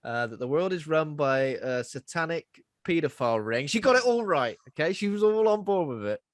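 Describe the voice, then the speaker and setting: A man voicing an excitable, conspiracy-minded young woman, mocking and emphatic. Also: fairly high pitch, moderate pace, dry recording, clean studio sound, close to an everyday voice.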